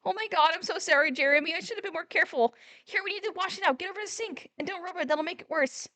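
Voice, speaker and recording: Brief: a bright, bubbly theater girl from a visual novel, sing-song and dramatic, pitched up high, voiced by a woman streamer. Close, dry mic. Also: rapid-fire, dry recording. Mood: worried. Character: bubbly theatrical young woman, sweet and playful.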